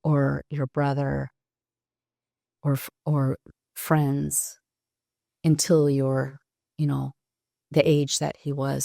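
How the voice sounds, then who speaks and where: A woman in her sixties, a podcast guest, telling a personal story in a halting, reflective way with pauses and restarts. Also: rumbling low, creaky, darkish tone, no room sound, studio quality.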